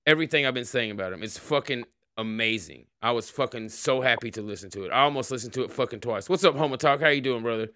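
A man hosting a loose livestream chat show, talking in a rambling, profane, offhand way. His voice is smooth and clear, sits at an ordinary middle pitch, and is recorded close and dry with no room sound. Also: quick pace, hardly any pauses, sharp tone, dry recording. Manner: profane, rambling, greets chatters by name. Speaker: podcast host.

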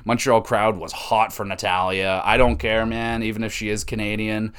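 A man's voice: lowish voice, little pitch movement, moderate pace, a bit bright, clear, resonant tone. A young man hosting a podcast, giving a casual, profanity-laced, opinionated recap of a wrestling show. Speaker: podcast host.

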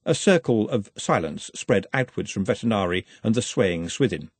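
Guy reading a funny novel aloud, animated, slightly husky, dry close mic. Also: lowish voice, moderate pace, no room sound. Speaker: audiobook narrator. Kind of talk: scripted narration.

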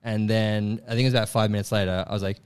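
A man's voice: lowish voice, fast talker, smooth. A young man telling a funny personal story in a casual chat, laughing often and acting out what people said. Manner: animated, laughs often, acts out voices in quotes. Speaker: comedian guest telling a story.

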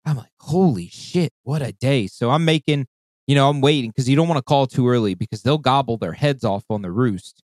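There's no room sound as a man with a mid-range voice talks fairly quickly through a long hunting story. He's casual yet animated and profane, voicing characters and doing the calls.

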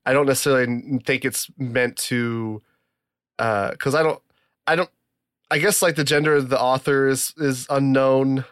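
A man co-hosting a casual podcast chat, hedging and searching for words with halting restarts. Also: mid-range voice, steady tone, fairly bright tone, clear, resonant tone, no room sound, studio quality. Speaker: podcast co-host.

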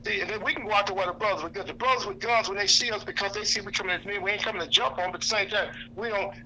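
A man's voice: high voice, steady tone, rapid-fire, bright, forceful tone, slight background noise, rough recording. A man giving an impassioned, blunt speech to a lunch audience, preaching, quoting scripture and repeating himself for emphasis. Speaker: activist speaker. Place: indoor lunch gathering.

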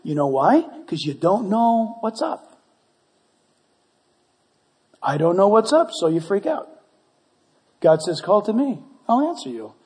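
Animated high-voiced preacher man in a hall. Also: measured pace, long pauses. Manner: animated, playful, acts out prayers and dialogue. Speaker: pastor. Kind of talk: sermon. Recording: long hall reverb.

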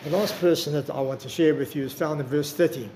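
Earnest older preacher, gravelly. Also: male voice, fairly high pitch, a little mellow, slight background noise. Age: 60s. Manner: earnest, personal, slows for emphasis. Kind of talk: sermon.

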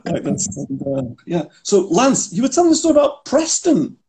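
A man talks casually on a podcast, telling stories and explaining words along the way. His voice sits a little high for a man, with a mellow, unhurried tone. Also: wildly swooping pitch. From England (Manchester). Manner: chatty, storytelling, explains idioms. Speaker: podcast co-host. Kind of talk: casual chat.

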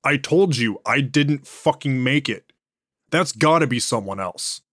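A man's voice: mid-range voice, expressive, measured pace, fairly bright tone, no echo, studio quality. A man voicing a defensive, swearing male prisoner being questioned. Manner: blunt and swearing. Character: defensive, profane male prisoner under interrogation.

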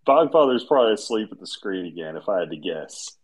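A man's voice: on the low side, slightly rough, rough recording. A man hosting a casual online group chat, rambling and laughing often as he tells stories. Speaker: host of a live audio chat room.

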